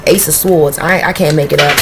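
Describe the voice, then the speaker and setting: A woman giving a casual intuitive tarot reading, blunt and profane, talking in a streetwise, animated way. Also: sits low, a little fast, background noise. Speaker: tarot reader.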